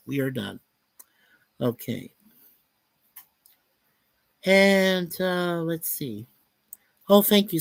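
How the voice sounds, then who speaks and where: A man's voice: on the high side, no room sound. A man hosting a casual livestream, chatting upbeat and reading out viewers' chat messages. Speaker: livestream host.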